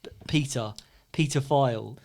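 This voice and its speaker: A man's voice: medium pitch, normal speed, gravelly, noisy background. A man, co-hosting a casual podcast chat and retelling scenes with lots of laughter and acted-out quotes. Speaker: podcast co-host.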